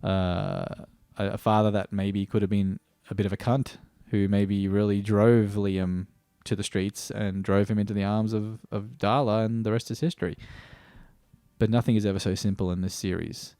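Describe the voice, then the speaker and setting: A man's voice: on the low side, little pitch movement, moderate pace, dark tone, clear, resonant tone, dry recording. Rambling, swearing man. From Australia. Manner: rambling, frequent restarts, casual swearing. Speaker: TV series reviewer. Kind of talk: stream-of-consciousness review.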